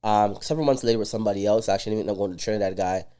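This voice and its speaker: Brief: male podcast guest, rapid delivery, mellow dark tone, lively storyteller. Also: fairly low pitch, smooth. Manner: animated storyteller who acts out dialogue. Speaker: entrepreneur guest. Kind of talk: casual podcast chat.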